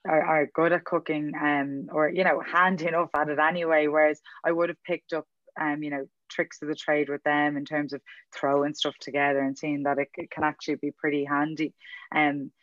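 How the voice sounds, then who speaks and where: A chatty young woman from Dublin, Ireland, appears as a podcast guest in a casual interview, rambling, mocking herself and laughing often. Her voice sits low and level, fairly quick and fairly bright, though the dry recording sounds dull and muffled.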